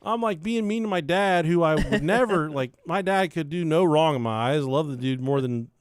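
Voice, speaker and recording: A man's voice: a little high, normal speed, clear, resonant tone, dry recording, clean studio sound. A young man hosting a podcast, telling a story in a loose, profane way and laughing along with it. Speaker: podcast host. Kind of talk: casual storytelling chat.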